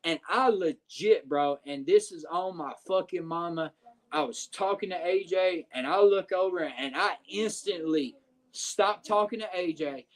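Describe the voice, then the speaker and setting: A man, a podcast guest telling a story in a profane, animated way with lots of filler phrases. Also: high voice, unhurried. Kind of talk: casual storytelling.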